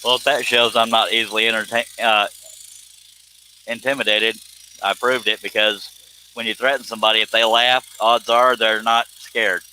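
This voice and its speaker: In a rough recording with slight hiss or hum, a middle-aged man runs a casual livestream chat. His voice sits lowish and flat, pushed and bright, at a moderate pace. Frequent laughter punctuates his talk, and he repeats a chat message in mock menace.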